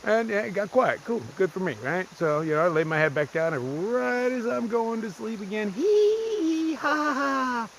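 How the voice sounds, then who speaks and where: A man's voice: high voice, expressive, a little fast, vocal fry, hardly any pauses, slight background noise. A man vlogging on a wooded mountain trail, telling stories in a blunt, profane, self-mocking way, a little out of breath from the climb. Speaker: solo thru-hiker vlogger. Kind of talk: casual vlog talk to camera.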